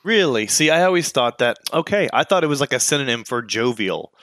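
An excitable young man co-hosting a casual podcast, laughing often and swearing casually. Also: mid-range voice, a little fast, no echo. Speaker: podcast co-host. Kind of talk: casual chat.

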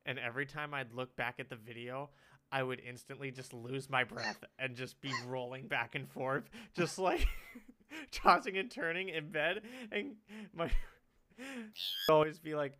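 A man's voice: mid-range voice, unhurried, pushed and bright, slight background noise. A young man telling rambling stories on a casual podcast, laughing often. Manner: giggly, rambling storyteller. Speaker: podcast co-host. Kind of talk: casual chat.

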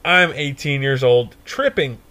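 A young man co-hosting a podcast, telling a stoner story in a profane, animated way and laughing often. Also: medium pitch, unhurried. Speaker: podcast co-host. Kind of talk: casual storytelling chat.

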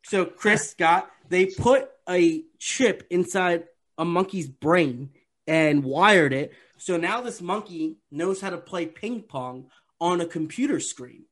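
A man hosting a podcast in casual chat, excitable and rambling, laughing easily. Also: sits high, slow pace. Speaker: podcast host.

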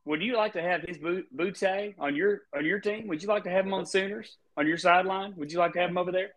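A man's voice: high voice, fast. A man co-hosting a casual sports podcast, with playful, joking banter. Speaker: podcast co-host.

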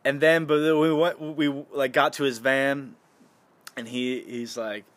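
Young man, from the States, casual storytelling, swears freely, lots of fillers, animated. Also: mid-range voice, a little slow. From United States. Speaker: podcast guest.

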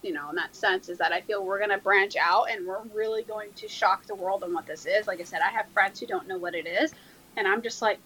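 A woman being interviewed as a guest cosplayer, chatting in an animated way and laughing often. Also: medium pitch, fairly quick, breathy edge, poor audio. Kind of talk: casual interview chat.

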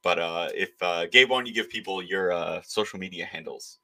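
A man's voice: low voice, normal speed, pushed and bright. A man hosting a political podcast who rants emphatically and slips into mocking voices. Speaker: podcast host. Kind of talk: opinionated political podcast talk.

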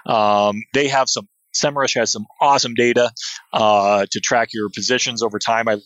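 A man's voice: medium pitch, steady tone, moderate pace, a bit bright, dry recording, muffled recording. A man talking as a guest in a casual interview, enthusiastic, with many fillers and restarts. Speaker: podcast guest, SEO expert.

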